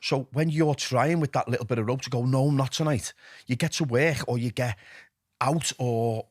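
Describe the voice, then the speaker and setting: Man, middle-aged, Liverpool accent, podcast guest, candid storytelling, animated with hushed asides, dry close sound. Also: medium pitch, normal speed, dry recording. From England. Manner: animated, drops to a hushed voice when quoting himself.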